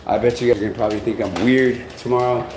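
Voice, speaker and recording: A man vlogging on a live stream. He rambles restlessly and swears often, jumping between loud outbursts and low mutters. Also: fairly even intonation, rapid-fire, noisy background.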